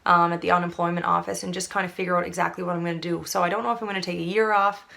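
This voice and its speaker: A woman's voice: fairly low pitch, little pitch movement, rapid-fire, gravelly, fairly bright tone. A young woman from Canada, chatting to camera in a rambling, casual way full of fillers. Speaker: vlogger.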